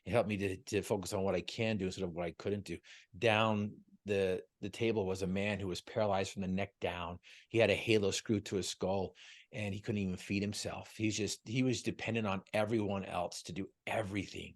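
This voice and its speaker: A man's voice: low voice, steady tone, brisk. A man, a guest on an interview show, telling a personal story in an earnest, emotional way with frequent stumbles and repeated words. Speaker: guest, motivational speaker. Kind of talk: heartfelt storytelling.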